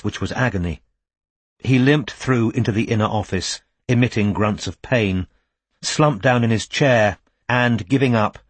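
A man reads an audiobook in a calm, measured voice that slows at quiet moments. His tone is slightly husky, and the recording is dry and close. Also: lowish voice, dry recording. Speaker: audiobook narrator. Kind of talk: scripted narration.

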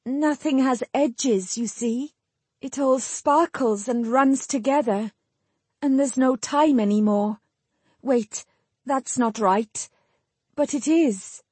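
A woman reading an audiobook voicing a dazed, blunt young woman who struggles to find her words, in a husky, dry recording. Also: sits high, mellow, dry recording, voice pushed up, full character voice. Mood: bewildered. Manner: halting, searching for words.

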